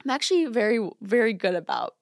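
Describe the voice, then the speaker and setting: A woman's voice: a little high, fast, creaky, no room sound. A young woman co-hosting a podcast, telling a story in casual chat with lots of "like" and acted-out quotes, in a studio. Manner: animated, lots of "like", acts out quotes. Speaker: podcast co-host. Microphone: studio mic.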